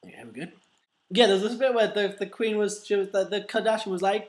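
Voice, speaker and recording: A man's voice: high-pitched, steady tone, a little fast. A man telling a rambling, swearing comedic story in a casual vlog. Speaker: vlogger.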